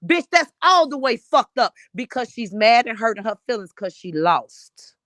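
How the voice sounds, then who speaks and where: A woman's voice: on the high side, very animated, moderate pace, a bit bright, dry recording. Fiery, profane woman ranting. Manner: blunt, profane, fired-up ranting. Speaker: panelist. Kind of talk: heated live-stream commentary.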